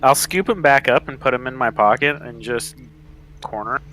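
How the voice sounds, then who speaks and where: A man's voice: mid-range voice, moderate pace, pushed and bright, soft background music, poor audio. A man playing a tabletop game, thinking aloud about his move. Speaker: player. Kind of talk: tabletop role-play.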